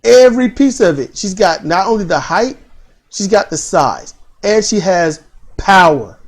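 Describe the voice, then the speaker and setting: Animated, laughing wrestling podcast co-host. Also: mid-range voice, unhurried. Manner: animated storyteller, laughing, mimicking others. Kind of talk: casual wrestling commentary chat.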